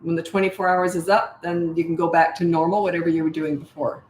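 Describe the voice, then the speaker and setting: Parenting coach lady, kinda low voice, breezy no-nonsense answers, sing-songy when she acts out what parents say. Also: level tone, fast talker, slight background noise. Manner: breezy and matter-of-fact, acts out parent lines in a bright sing-song. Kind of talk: casual Q&A livestream. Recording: echoey room.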